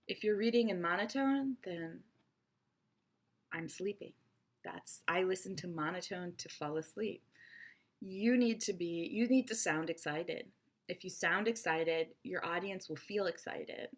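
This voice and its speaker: A woman giving an online English lesson in a lively, expressive, playful teacher's voice. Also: fairly low pitch, a little slow.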